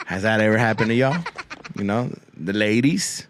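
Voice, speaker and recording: A man's voice: medium pitch, brisk, a bit bright, no echo. A man hosting a podcast, rambling through a crude comic monologue full of swearing and Spanish slang, often repeating himself. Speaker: podcast host.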